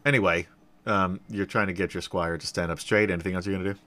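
A man's voice: sits low, fairly even intonation, quick pace, pushed and bright. A man running a tabletop role-playing game over voice chat, narrating loosely and laughing often. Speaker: game master.

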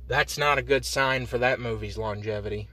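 A man from Indiana rants alone on his podcast, swearing freely and wandering from topic to topic with sarcastic asides. His voice is bright and forceful at an average pitch. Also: normal speed, dry recording. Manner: profane, rambling, sarcastic. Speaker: podcast host. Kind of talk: solo comedy podcast rant.

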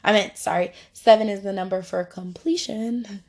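A woman's voice: medium pitch, fairly even intonation, moderate pace, darkish tone. A woman hosting a podcast Bible study, teaching in a chatty, informal way and laughing easily. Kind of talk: casual devotional teaching.

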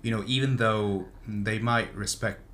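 A man's voice: fairly low pitch, steady tone, measured pace, fairly bright tone. A man in casual chat about a book, hesitant and thinking aloud as he talks. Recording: faint background noise.

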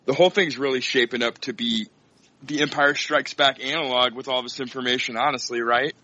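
A man co-hosting a podcast, chatting in a relaxed, agreeable way about a film. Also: mid-range voice, brisk, no room sound. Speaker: podcast co-host. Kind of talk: casual film discussion. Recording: dull, lo-fi dry mic.

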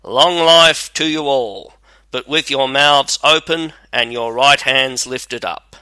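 A man's voice: medium pitch, steady tone, slow, pushed and bright, clear, resonant tone, no echo, poor audio. A man voicing a bold, hungry soldier with a hearty, plainspoken manner in a storybook reading. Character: hungry bold male soldier, fearless and blunt.

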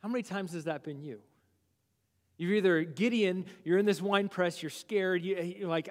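A male pastor preaching, who animatedly acts out biblical figures' objections in quick asides. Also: sits high, a little mellow, big-room sound. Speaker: lead pastor. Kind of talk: sermon. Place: church sanctuary.

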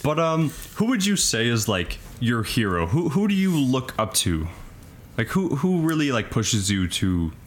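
A man's voice: mid-range voice, sing-song, a little slow. A young man with a Canadian accent, co-hosting a podcast in a laid-back, laughing way and asking questions. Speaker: co-host. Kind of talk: casual podcast chat.

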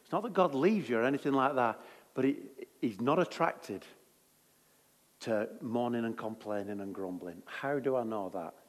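A man's voice: mid-range voice, expressive, moderate pace, big-room sound. A man preaching a sermon in a jokey, conversational way.

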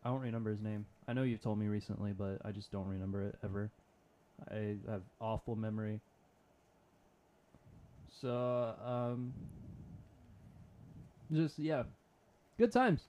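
A man's voice: on the low side, steady tone, unhurried, pauses often, mellow. A young man in casual chat, laid-back and self-deprecating, often laughing.

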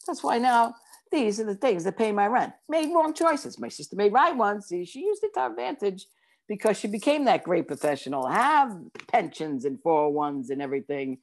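A woman from Brooklyn, a psychic and author telling her story in an interview, talking fast and acting out quotes. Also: mid-range voice, very animated. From Brooklyn, New York.

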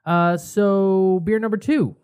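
A man co-hosting a beer podcast in casual chat, easygoing and halting as he talks. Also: sits high, fairly even intonation, darkish tone, smooth. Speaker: podcast co-host.

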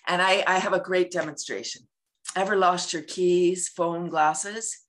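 A woman's voice: fairly low pitch, fairly even intonation, unhurried. A woman guest talking about laughter yoga in an interview, acting out everyday scenes and laughing often. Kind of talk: casual interview talk.

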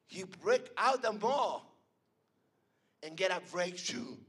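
A man preaching a sermon at an evening church service, swinging between loud emphatic calls and hushed lines. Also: high voice, animated, takes it slowly, slightly rough.

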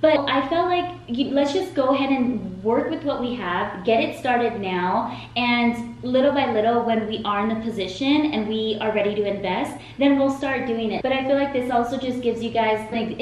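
A woman's voice: on the high side, normal speed, few pauses. Chatty woman podcast host, echoey room. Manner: enthusiastic, chatty. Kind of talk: casual podcast chat. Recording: very echoey room, faint noise.

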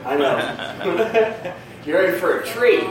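A man's voice: sits high, animated, takes it slowly, a crowd in the background. A man doing a crude, rambling, self-mocking stand-up comedy set on a club stage. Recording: echoey live club recording from a distance.

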